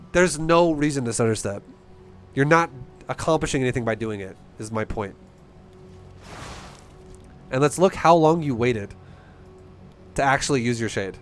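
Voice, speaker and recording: A man's voice: mid-range voice, expressive, moderate pace, long pauses, soft background music. A man coaching a player through a game replay in a casual, blunt, profane and passionate way. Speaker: StarCraft coach.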